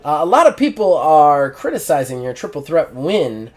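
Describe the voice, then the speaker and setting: A man's voice: on the high side, sing-song, moderate pace, a little mellow. A man voicing a male backstage wrestling interviewer who asks formal, pointed questions. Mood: probing.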